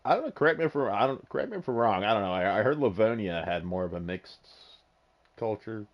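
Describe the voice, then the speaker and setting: A man chatting casually on a podcast, excitable and laughing a lot. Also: lowish voice, fast, highs cut off. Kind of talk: casual chat.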